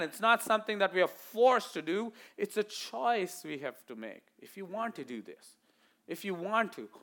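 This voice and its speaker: A male pastor preaching a sermon to his church, animated, acting out the voices he quotes and swinging from loud to hushed. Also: high voice.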